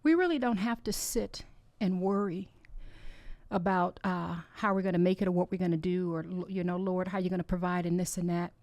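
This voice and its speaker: A woman's voice: on the low side, brisk, a little mellow, dry recording. A woman hosting her own podcast, giving an earnest, encouraging faith-based talk that is close to tears. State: tearful. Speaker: podcast host.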